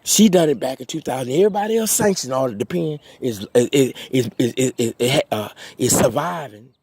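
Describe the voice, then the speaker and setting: A distraught man pleading to a judge in an agitated, halting appeal full of restarts. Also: medium pitch, expressive, creaky, a little mellow, breathy edge. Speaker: petitioner addressing a judge. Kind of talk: impassioned video appeal.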